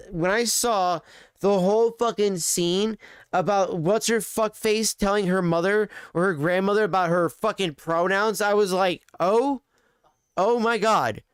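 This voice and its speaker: A man's voice: sits high, clean tone, no echo, studio quality. A man streaming live, ranting in casual, profane, rambling chat.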